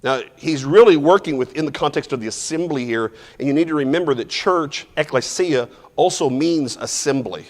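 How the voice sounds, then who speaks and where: A man with a somewhat high voice leads a Bible class, walking through verses in a chatty, informal way and quizzing his listeners. His words ring out with a long reverb, as in a big church hall. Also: moderate pace, hardly any pauses. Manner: informal, restarts phrases, asks the class questions and chuckles. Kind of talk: conversational verse-by-verse Bible teaching.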